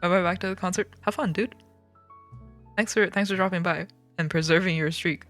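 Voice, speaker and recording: A woman's voice: fairly low pitch, fairly even intonation, fairly quick, a bit bright, faint music behind. A woman streamer reading a children's book aloud, breaking off for joking, swearing asides.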